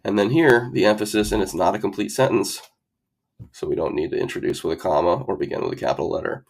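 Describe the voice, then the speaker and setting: Guy tutoring sat grammar, low gravelly voice, methodical w/ dry little jokes. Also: fast talker, darkish tone. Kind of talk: explaining grammar rules over slides.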